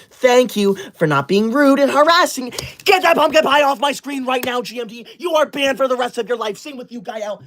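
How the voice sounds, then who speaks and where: A man in his twenties hosting a livestream, reading chat comments and scolding viewers like a strict teacher. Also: high voice. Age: 20s. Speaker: livestream host.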